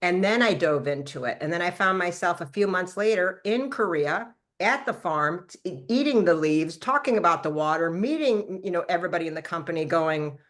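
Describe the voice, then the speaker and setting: A woman in her fifties with a slightly low speaking voice tells a personal story. She is animated and quick, and her voice jumps higher whenever she acts out what she or others said. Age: 50s. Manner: animated storytelling, acting out her own past lines in a higher voice. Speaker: product formulator and brand promoter. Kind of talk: testimonial talk to a live call.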